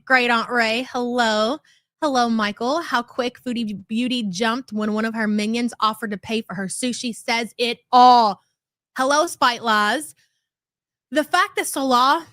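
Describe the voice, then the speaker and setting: A woman's voice: on the high side, fairly bright tone, dry recording, studio quality. A middle-aged woman hosting a casual commentary livestream, greeting chat by name and swearing freely. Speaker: livestream host.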